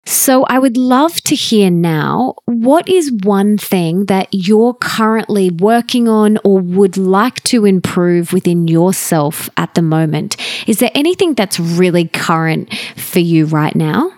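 A woman hosting a podcast interview, talking warmly and reflectively about relationships in an eager, conversational way. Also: mid-range voice, expressive, slow pace, few pauses, dry recording, clean studio sound. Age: adult, stepmother of an eleven-year-old. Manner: enthusiastic, reflective, speaks of her book and family. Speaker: podcast host.

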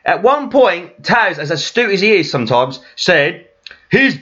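A man, a podcast co-host, ranting in casual chat, swearing a lot and sounding animated. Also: high-pitched, a little slow, dull audio.

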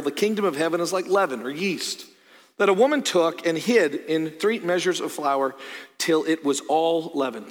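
A middle-aged male pastor preaching a sermon, earnest, with loud emphatic peaks and quiet low asides. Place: church sanctuary. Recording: long hall reverb.

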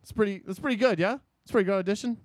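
A man's voice: sits high, racing, no room sound, close to an everyday voice. A man in an improv comedy scene playing a fumbling, self-important actor at an audition, hesitant and stammering, agreeing with everything. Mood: amiable, fumbling.

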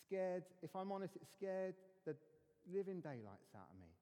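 A man delivers a sermon from the pulpit, his voice a touch higher than most men's. He tells his story earnestly and drops to near-whispers for emphasis. A long reverb trails each phrase through the church. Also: big pitch swings, normal speed. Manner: earnest storytelling, dropping to hushed tones for emphasis. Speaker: pastor.

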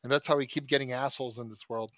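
A man's voice: medium pitch, steady tone, rapid-fire, a bit bright, dry recording, lo-fi sound. A man in his thirties telling a long story in casual chat, swearing often and restarting his sentences. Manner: profane, rambling storyteller with many restarts.

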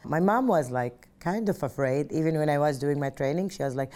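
Middle-aged Saudi-accented woman, very low and warm-toned, sincere and heartfelt, recounting her story. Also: brisk, hardly any pauses. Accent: Saudi Arabic. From Saudi Arabia. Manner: earnest, heartfelt, frequent "just like" fillers. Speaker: airline pilot interviewee. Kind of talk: personal storytelling interview.

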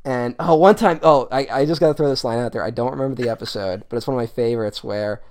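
A man of middle pitch talks loosely and eagerly on a film podcast. He rambles with fillers and restarts, swears freely, and slips into quick put-on voices to act out scenes. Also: darkish tone. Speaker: podcast co-host. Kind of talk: casual film podcast chat.

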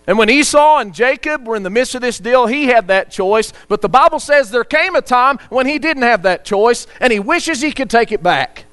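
Male preacher, high-pitched, earnest sermon delivery, scripture reading, humming recording. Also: expressive, normal speed, hardly any pauses, a bit bright, clear, resonant tone.

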